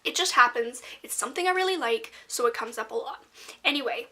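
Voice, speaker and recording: Chatty high-voiced woman reviewing a book. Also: lively intonation, fairly quick. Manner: chatty and rambling, many fillers, drops into soft whispery asides. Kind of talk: casual book review vlog.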